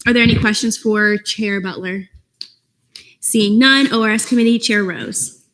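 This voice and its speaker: A young woman presiding over a student government meeting, briskly calling on committee chairs. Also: medium pitch, a bit bright. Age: young adult. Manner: brisk, procedural, calls on speakers.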